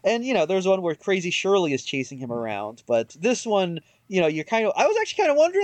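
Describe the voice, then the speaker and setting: A man's voice: high voice, wildly swooping pitch, fast, few pauses, no echo. A man co-hosting a podcast, chatting casually about old cartoons with many fillers and restarts. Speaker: podcast co-host. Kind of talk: casual chat reviewing cartoons.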